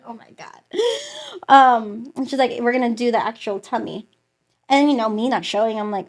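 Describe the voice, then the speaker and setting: A young woman sharing a personal faith testimony in an interview, telling her story in an animated way, acting out the voices of the people she quotes and saying "like" a lot. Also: fairly high pitch, normal speed.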